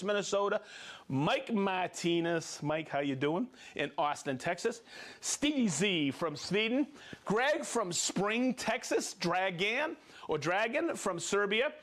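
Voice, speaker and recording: A man's voice: high voice, fairly bright tone. A man hosting a live tool show, chatting casually, demonstrating gear and cheerfully reading out viewer names. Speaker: show host demonstrating tools.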